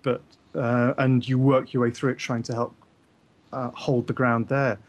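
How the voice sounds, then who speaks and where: A man co-hosting a casual gaming chat, explaining things enthusiastically while pausing often with fillers. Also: medium pitch, flat delivery.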